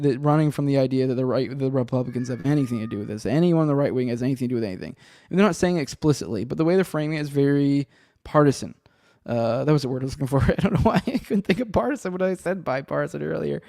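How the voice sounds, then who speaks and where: Podcast host: man, rambling and sardonic, swears freely, dark mellow voice on a dry, close track. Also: a little high, lively intonation, fast, creaky, dry recording. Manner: rambling, profane, sardonic, many restarts. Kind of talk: casual solo commentary with chat. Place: home room with a cat and a desk.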